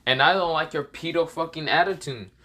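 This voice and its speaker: A man doing a hot-headed young ninja who curses bluntly at his enemy. the voice sounds bright and pointed, close to the narrator's own everyday tone. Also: a little high, brisk, pitched above the performer's own voice. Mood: mocking. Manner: blunt and profane. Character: angry young male ninja hero, foul-mouthed.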